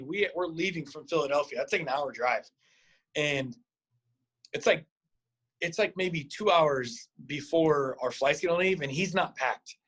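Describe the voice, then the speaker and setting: A middle-aged boxing coach from Nebraska tells road-trip stories in a loose, casual way. His voice sits fairly high for a man, and it jumps up sharply whenever he acts out what someone said. He swears freely as he talks. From Nebraska, USA. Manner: animated, acts out quotes with big pitch jumps, swears freely. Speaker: boxing coach, podcast guest. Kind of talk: casual storytelling.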